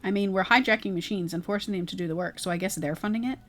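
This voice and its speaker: A woman's voice: medium pitch, quick pace, lightly acted. A woman voicing a smug, evasive guard at an exclusive club, answering questions in a dry, offhand way. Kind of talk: reading game dialogue aloud.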